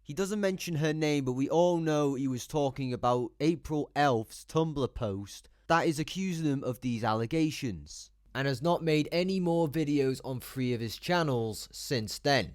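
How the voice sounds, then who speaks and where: A man's voice: on the high side, measured pace, few pauses, no echo, clean studio sound. A man giving blunt, sarcastic commentary, swearing freely as he talks. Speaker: YouTube commentator. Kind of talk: opinionated commentary.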